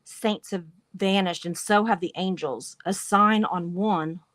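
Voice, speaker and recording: A woman's voice: on the low side, unhurried, fairly bright tone, no echo. A woman hosting a livestream, reading passages aloud and adding wry asides between them. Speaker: livestream show host.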